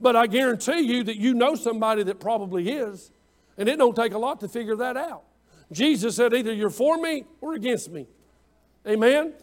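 Preacher guy with a real high voice, preaching hard and calling out to the church. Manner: rising to fervent, emphatic preaching with call-outs to the congregation. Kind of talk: sermon.

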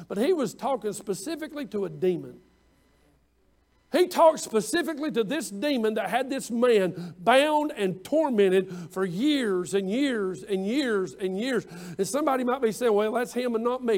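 Man, preacher, very high voice, emphatic fervent sermon. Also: normal speed. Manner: rising to fervent, emphatic preaching with call-outs to the congregation.

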